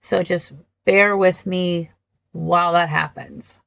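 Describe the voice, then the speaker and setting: A woman talking casually about two film versions of a story, thoughtful and hesitant with many pauses and restarts. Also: lowish voice, steady tone, gravelly, a bit bright, no room sound. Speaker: vlogger reviewing films.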